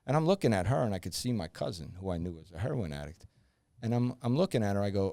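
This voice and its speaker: Man guest, gravelly low voice, dry close mic, animated storyteller who plays the voices. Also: fast talker, no echo. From New Jersey. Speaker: podcast guest, former undercover officer. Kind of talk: storytelling in a podcast interview.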